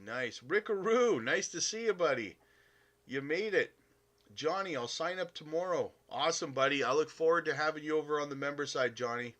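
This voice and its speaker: Canadian guy on a live stream, chatty and friendly, bright voice, lots of uhs. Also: mid-range voice. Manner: upbeat, chummy, calls viewers buddy, many uh fillers. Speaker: crypto live stream host. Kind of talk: casual live stream chat reading comments.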